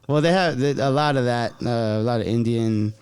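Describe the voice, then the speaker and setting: An American man from the San Jose area, a comedian guest telling stories in slangy, animated podcast chat. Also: mid-range voice, fairly quick, clear, resonant tone, dry recording. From San Jose area, California. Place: podcast studio.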